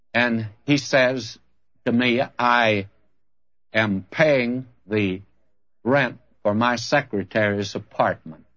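On a dull lo-fi recording, a man with a mid-range, slightly rough voice preaches a sermon. He tells a story, acting out both sides of a conversation, then reads scripture aloud.

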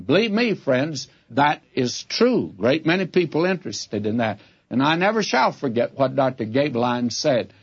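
Older male pastor, husky mid-range voice, folksy preacher on a muffled vintage radio broadcast. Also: mid-range voice, very animated, normal speed. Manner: folksy, direct address to listeners. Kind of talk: radio Bible teaching sermon. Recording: dull lo-fi old radio recording.

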